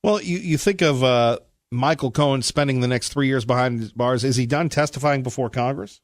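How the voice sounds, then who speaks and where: A man's voice: medium pitch, moderate pace, no echo. A male talk radio host in a studio, chatty and upbeat, introducing guests and callers. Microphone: studio microphone.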